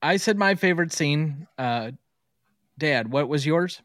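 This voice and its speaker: A man hosting a casual movie podcast, briskly running the segments and breaks. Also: a little high, expressive, a bit bright, no room sound, clean studio sound. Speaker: podcast host.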